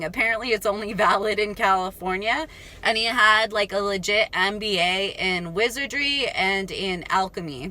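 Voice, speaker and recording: A woman's voice: mid-range voice, sharp tone. A young adult woman telling a casual storytime vlog, chatty, laughing and talking straight to her viewers. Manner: chatty, addresses viewers as "you guys", laughs often. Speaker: vlogger.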